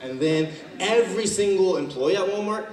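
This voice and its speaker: A man's voice: sits high, lively intonation, moderate pace. A young man performing a stand-up comedy set as a student, telling stories casually and acting out the people in them. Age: young adult. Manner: casual storytelling, acting out quoted characters. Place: university auditorium stage. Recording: roomy hall, mic far off, loud crowd. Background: laughing audience.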